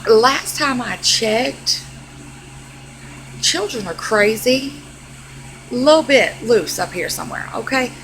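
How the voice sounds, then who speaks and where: A woman's voice: on the high side, takes it slowly, pauses often, poor audio. A young adult woman vlogger giving a sassy, exasperated comedic rant straight to camera. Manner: sassy, exasperated, animated delivery.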